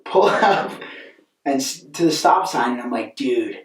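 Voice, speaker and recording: A young man co-hosting a podcast, telling a rambling, animated story in casual chat and often asking "right?". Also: mid-range voice, moderate pace. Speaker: podcast co-host. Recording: echoey room, mic at a distance.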